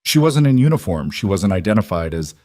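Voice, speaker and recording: Defensive officer, rushed justifications, low dry voice, by a male narrator. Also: big pitch swings, mellow, no room sound.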